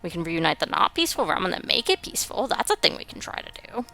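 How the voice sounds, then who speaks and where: A woman's voice: lowish voice, big pitch swings, fast, creaky, pushed and bright, soft background music. A young woman giving wry, sarcastic commentary while playing a building game. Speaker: game streamer. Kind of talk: gameplay commentary.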